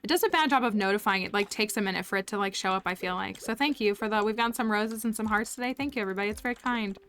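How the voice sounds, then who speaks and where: A woman's voice: medium pitch, racing, a bit bright. A woman chatting casually to viewers while streaming a farming game, giggly and talkative. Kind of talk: casual live-stream chat while gaming.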